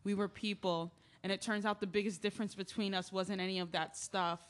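A woman's voice: mid-range voice, little pitch movement, brisk, close to an everyday voice. A woman playing a grieving young woman who tells her story in earnest, confessional letters, in an audio drama reading. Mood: reflective. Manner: earnest, confessional, rising to yelling. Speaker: narrator and lead.

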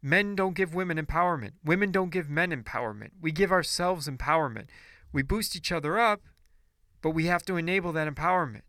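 A man's voice: fairly high pitch, brisk, pushed and bright, no echo, studio quality. A man ranting in a casual monologue podcast, blunt and profane, preachy and rambling with restarts.

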